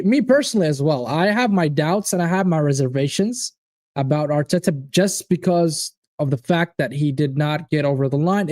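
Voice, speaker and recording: A man hosts a live football fan stream, talking straight to his viewers by name and cursing freely. His voice is mellow and slightly high, and it leaps upward often when he gets animated. The sound is dry and close. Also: dry recording. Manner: animated, swearing, addressing chat viewers by name. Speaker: watchalong host. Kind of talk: casual live-stream chat.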